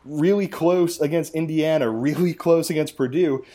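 A man's voice: on the high side, normal speed, dark tone. A man hosting a casual sports podcast, wry and chatty as he rattles through scores and results. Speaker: podcast host.

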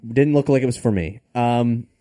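A man's voice: mid-range voice, moderate pace, dark tone. A man hosting a podcast, chatting casually and wryly, reading out supporter thanks. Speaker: podcast host. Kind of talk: casual chat.

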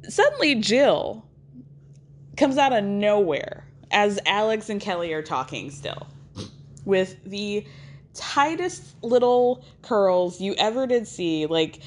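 A woman hosting a podcast, recounting events in casual, wry storytelling. She talks in a conversational way and slips into quick impressions of the people she describes. Her voice sits in a middle range. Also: mid-range voice. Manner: chatty, wry, acts out quotes in quick impressions. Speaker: podcast host recapping a reality show.

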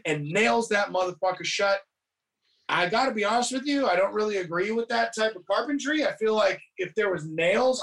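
A man's voice: high voice, low-quality recording. A man on a podcast retelling a film plot in casual chat, swearing heavily and telling it with animation. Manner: heavy swearing, animated storytelling.

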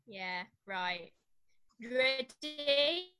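Bright-voiced sarcastic woman in her twenties. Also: high voice, animated, very slow, smooth, faint music behind. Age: 20s. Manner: dry, teasing, sarcastic asides. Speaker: podcast co-host. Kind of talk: casual chat.

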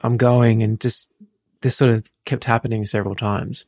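A man in his thirties calmly retelling a personal story in plain words. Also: lowish voice, normal speed, gravelly, husky, dry recording, studio quality. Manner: calm, plain retelling with restarts. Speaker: podcast co-host, husband.

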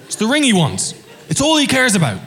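A man's voice: high voice, wildly swooping pitch, a little fast, noisy background. A man playing Sam, a loyal and blunt young hobbit, in a comedic parody. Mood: mocking.

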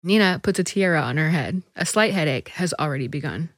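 A woman reading a short story aloud as narrator, measured and even. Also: low voice, dry recording, studio quality.

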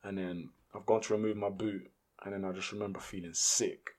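A man, a podcast guest telling a story in casual, slangy, animated speech. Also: low voice, brisk.

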